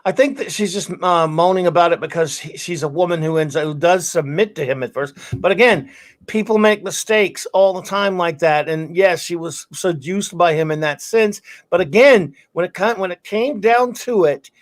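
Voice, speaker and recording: Guy hosting a podcast, kinda high voice, says yeah a lot, pushes his point hard. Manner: agreeable, quick affirmations, emphatic points. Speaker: podcast host. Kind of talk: casual podcast discussion.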